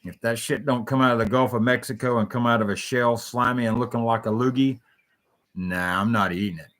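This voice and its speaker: A man's voice: mid-range voice, fairly even intonation, a little fast, a bit bright. A man hosting a solo talk show, rambling and jumping between stories, swearing freely.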